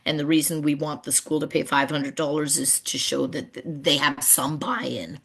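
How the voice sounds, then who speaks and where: A middle-aged woman presenting on a video call webinar about community gardens, telling stories and lively when she quotes people. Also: low-pitched, normal speed, creaky, slightly rough. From Canada. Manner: warm storyteller, animated when quoting people.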